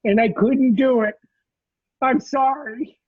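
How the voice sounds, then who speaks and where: A man voicing a collapsing skyscraper that apologizes in a halting, pleading way. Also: very high voice, fairly even intonation, slightly rough, dry recording, full character voice. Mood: sorrowful. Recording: tinny phone-like line.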